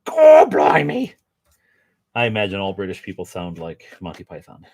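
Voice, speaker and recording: This miniature painter and channel host speaks quickly in a low, a bit bright voice with fairly even intonation. Painting at home, he chats casually, wandering off topic, mocking himself and slipping in jokes.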